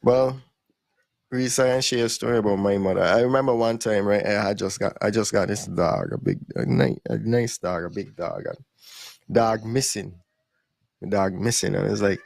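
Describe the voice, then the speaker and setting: A young man spins a casual podcast story in relaxed, creole-tinged English. His voice sits low with a gravelly edge. The sound is close and dry. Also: normal speed, no room sound.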